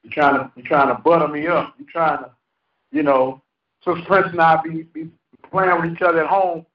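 A high-voiced male pastor preaches in a folksy, joking way and keeps quizzing his congregation. His voice is caught from some distance in a roomy hall, and the sound is dull. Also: level tone, normal speed. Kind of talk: preaching a sermon. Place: church hall. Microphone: handheld microphone.

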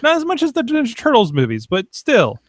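A man hosting a casual podcast chat, excitable and prone to stammering restarts. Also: very high-pitched, fairly quick, no echo, studio quality. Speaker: podcast host.

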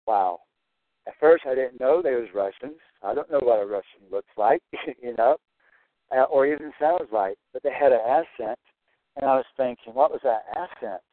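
A man talks in an earnest preaching monologue and circles back to stress each point. His voice sits at an ordinary middle pitch. It comes through a tinny, phone-like line with a dry, close sound. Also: normal speed, no echo. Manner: earnest, repetitive, preacher-like emphasis. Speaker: Christian prophecy broadcaster.

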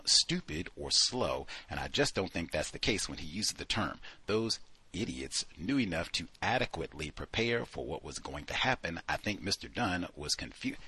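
A man hosting a book club discussion, reading passages aloud and commenting on them in an animated, exclaiming way. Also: low voice, husky.

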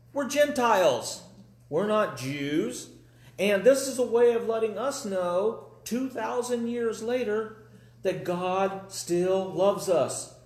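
A man's voice: high-pitched, darkish tone, roomy sound. A man preaching a live sermon in a folksy, conversational way, with dry humor.

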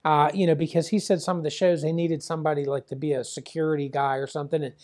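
A man's voice: a little high, flat delivery, fast talker, darkish tone. An older man from the Pittsburgh area, a former wrestling promoter, telling a rambling story full of fillers and acted-out dialogue. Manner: chatty, many fillers, acts out quoted dialogue.

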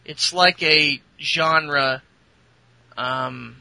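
A man's voice: on the high side, very slow, gravelly, sharp tone, no room sound, low-quality recording. A man hosting a podcast, rambling through a casual recap with lots of fillers and crude jokes. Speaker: podcast host. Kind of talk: casual wrestling recap chat.

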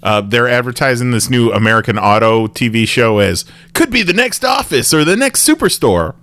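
A man's voice: mid-range voice, very animated, normal speed, fairly bright tone, no room sound. A man hosting a podcast in casual chat, rambling with restarts and laughing often. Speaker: podcast host.

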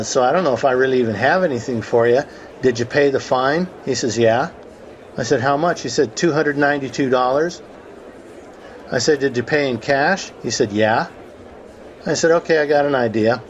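A man's voice: medium pitch, lo-fi sound, slight background noise. A man hosting a conference call, telling a courtroom story in a conversational way and acting out the quotes. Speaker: host of a call about the law.

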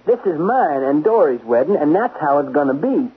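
Raspy, defiant groom. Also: male voice, a little high, sing-song, normal speed, full character voice. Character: defiant young man about to marry. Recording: narrow lo-fi vintage radio broadcast.

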